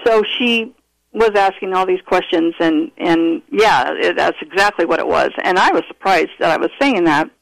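A man's voice: high-pitched, moderate pace, gravelly, no echo, low-quality recording. Earnest man telling a story by phone. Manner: earnest, animated retelling with frequent restarts. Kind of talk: casual storytelling interview.

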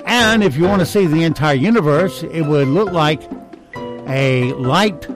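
A man's voice: on the high side, a little slow, over music. A man hosting a radio show, reading poll results and fun facts in casual banter, with dry little asides. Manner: wry, reads items aloud with dry asides.

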